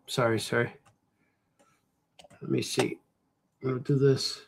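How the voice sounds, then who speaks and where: A man's voice: medium pitch, flat delivery, unhurried, creaky, slight background noise. A man cartoonist thinking aloud in a casual drawing vlog, rambling and muttering to himself as he works. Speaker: cartoonist and comic shop host.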